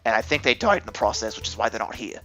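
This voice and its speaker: A man voicing a young man with a put-on Australian twang, talking in a low, laid-back drawl. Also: expressive, fast, sharp tone, faint music behind. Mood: easygoing.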